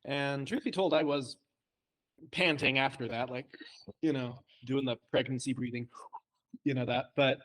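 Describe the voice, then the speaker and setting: A man's voice: mid-range voice, steady tone, normal speed, pauses often, fairly bright tone. A young man chatting casually on a podcast, telling self-deprecating stories and laughing often. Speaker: co-host, trainee.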